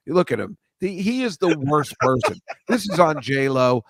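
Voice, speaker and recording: A man's voice: on the high side, big pitch swings, moderate pace, no room sound, clean studio sound. A man hosting a casual comedy chat show, rambling and self-deprecating, stammering and restarting as he goes. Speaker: host.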